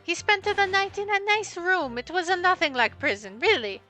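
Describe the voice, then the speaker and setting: A woman's voice: extremely high pitch, moderate pace, bright, forceful tone, soft background music, voice pushed up. A woman doing a sobbing Italian crook. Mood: pleading. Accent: put-on Italian. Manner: whimpering, stammering, pleading.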